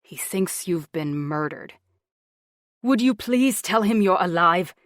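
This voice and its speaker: A woman voicing a steady, matter-of-fact young man. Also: fairly low pitch, slow, dry recording, studio quality. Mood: firm.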